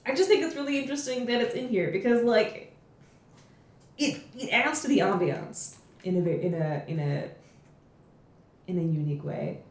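A woman's voice: medium pitch, expressive, normal speed, long pauses. A woman co-hosting a podcast, chatting casually and enthusiastically with plenty of fillers. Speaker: podcast co-host. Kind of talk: casual chat. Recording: roomy echo.

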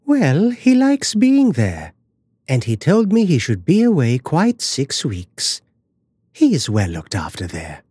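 Man raising his voice into a cold, scheming stepmother, husky and clipped, lifted high in a spoken fairy tale. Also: wildly swooping pitch, slow, mellow, no echo, exaggerated voice. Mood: evasive. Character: cold scheming middle-aged stepmother, woman.

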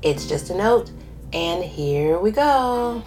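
A woman's voice: on the low side, lively intonation, takes it slowly, over music. A woman narrating a first-person story expressively, putting on voices for the characters.

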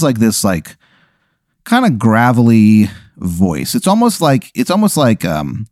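A man with a lowish voice tells a made-up comic scenario, his pitch leaping all over. He talks loosely, packing in "like" and curse words. The sound is dry and close. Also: no echo. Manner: animated, laced with "like" and swearing. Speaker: podcast host. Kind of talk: improvised comic storytelling.

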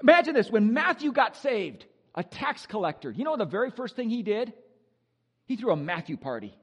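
A male pastor preaching an animated, joking sermon with exuberant energy. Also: high voice, normal speed, slightly rough, in a large hall.

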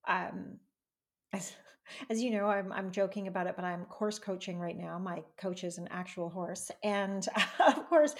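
A woman hosting a podcast interview in a casual, animated way, laughing often. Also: fairly low pitch, a little slow. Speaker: podcast host.

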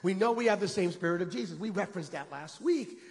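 A man preaching with fervour, his voice sitting very high and rising into shouted peaks as he calls the congregation to repeat after him. The sound rings out with the long reverb of a large church sanctuary. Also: animated, fast talker. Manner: impassioned, shouting climaxes, call-and-response with congregation. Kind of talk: sermon.

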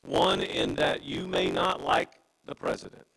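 A man preaches a sermon in a deep, husky voice with plenty of gravel. His delivery is impassioned, leaping high and dropping low as he presses each point. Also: wildly swooping pitch, unhurried, a bit bright, low-quality recording. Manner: impassioned preaching with wide pitch swings. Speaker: pastor.

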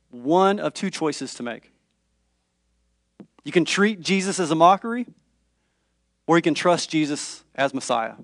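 High-voiced man preaching a sermon. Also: no room sound, studio quality. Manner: dramatic, shifts between hushed and raised voice for quoted figures. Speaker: pastor.

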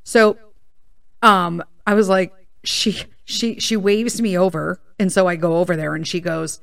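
A woman hosting a podcast, telling a story in a rambling, animated way and swearing freely. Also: lowish voice, a little slow, gravelly, no room sound, clean studio sound. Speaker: podcast host. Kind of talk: casual storytelling monologue.

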